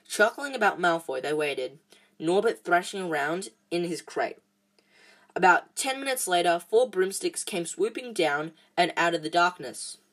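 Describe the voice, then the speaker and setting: Woman reading a novel aloud, halting. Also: fairly low pitch, animated, a bit bright. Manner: halting, frequent restarts and fillers. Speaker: storybook reader.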